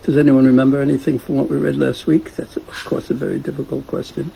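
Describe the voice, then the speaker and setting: Heard through poor audio with slight background noise, a man speaks fast in a level, creaky, medium-pitched voice. Leading a scripture class, he retells a story casually, chuckles, and gently puts questions to his students.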